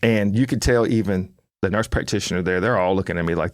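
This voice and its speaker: A man's voice: sits low, fast talker, dry recording, clean studio sound. A middle-aged man, hosting a casual podcast chat and telling a story with lots of energy, acting out his own lines. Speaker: podcast host and coach.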